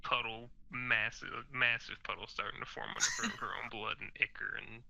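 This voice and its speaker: A man's voice: medium pitch, flat delivery, a little fast, gravelly, sharp tone, poor audio. A man running a tabletop game as game master, describing the scene vividly.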